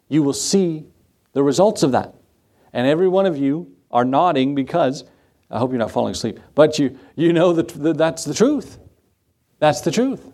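A man's voice: a little high, a little mellow. A male pastor preaching a sermon conversationally, repeating key phrases for emphasis and adding humorous asides.

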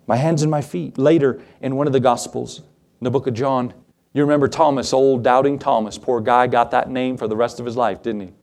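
A man preaching a sermon to his congregation, animated, acting out Bible scenes in quoted voices. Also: medium pitch, brisk. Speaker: pastor.

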